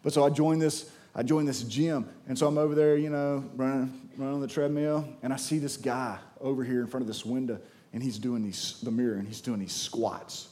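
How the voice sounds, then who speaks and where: A young man preaching a sermon in an animated, conversational way, acting out the voices of the people in his stories. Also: mid-range voice, brisk. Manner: animated, conversational, acts out quotes.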